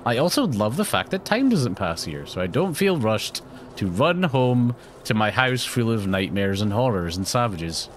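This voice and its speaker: A man's voice: lowish voice, very animated, normal speed, slight background noise. Joking Scottish man playing a game. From Scotland. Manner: joking, self-mocking. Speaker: gaming YouTuber. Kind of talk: let's play commentary.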